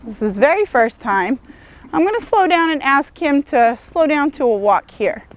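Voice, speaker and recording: A woman horse trainer calmly demonstrating lunge work outdoors, encouraging and steady as she explains each step. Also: high voice, moderate pace. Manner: calm, encouraging, praises the horse often. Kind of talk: instructional demonstration.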